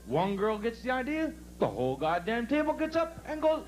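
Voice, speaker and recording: A man's voice: very high-pitched, wildly swooping pitch, normal speed, few pauses, a little hiss or hum, rough recording. A man doing stand-up for a live crowd, telling folksy dirty jokes and laughing at his own punchlines. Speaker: stand-up comedian.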